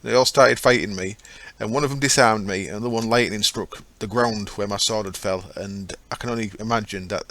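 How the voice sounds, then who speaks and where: A man's voice: fairly low pitch, a little fast, few pauses, a bit bright, no room sound. A man giving casual, rambling commentary over his own gameplay, often correcting himself as he goes. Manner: chatty, rambling, self-correcting. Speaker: gaming channel host.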